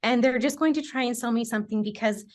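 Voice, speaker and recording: A woman's voice: on the high side, fast. A woman in her thirties, a guest in a casual interview, telling her story earnestly with lots of "like" and "just" and frequent laughs. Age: 30s. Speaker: guest, nutrition client.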